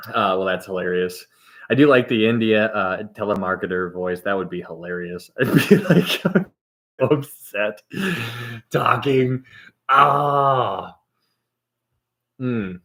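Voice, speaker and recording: A man's voice: on the low side, slow, long pauses, fairly bright tone. A man hosting a casual livestream and reading out viewer comments. He rambles, laughs often and trails off mid-sentence. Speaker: livestream host.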